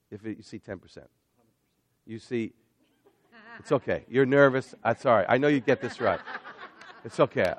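A middle-aged man preaching an energetic sermon as a missionary, getting excited and building toward shouting. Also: mid-range voice, no room sound.

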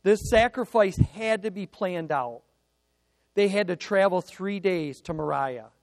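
A preacher gives a sermon in a notably high, gravelly, expressive voice, speaking slowly and deliberately. His earnest storytelling swings between emphatic peaks and quiet, confessional moments, recorded close and dry without room echo.

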